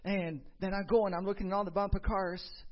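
A man preaching a sermon and telling a lively personal story, acting out the voices in it. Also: high-pitched, brisk, lo-fi sound. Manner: animated storytelling, acts out dialogue. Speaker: pastor.

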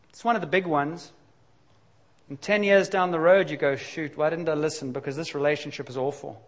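A man's voice: a little high, fairly even intonation, a little fast. Candid, emphatic male preacher. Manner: candid, confessional, conversational with sudden emphatic bursts. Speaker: pastor. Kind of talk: sermon.

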